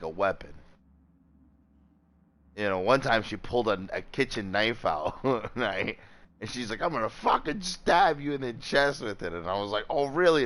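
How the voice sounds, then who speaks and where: A man's voice: on the low side, smooth. A young man telling a long personal story in casual chat, swearing often, rambling, and acting out quoted people. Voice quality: profane, rambling. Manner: animated, voices quoted people. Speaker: gaming streamer.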